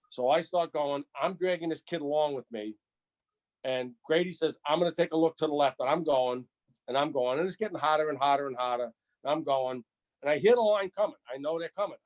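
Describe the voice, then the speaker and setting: A retired firefighter tells an old story in an interview. His voice sits a little high for a man. He talks in animated runs and repeats himself as he builds the scene. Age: 60s.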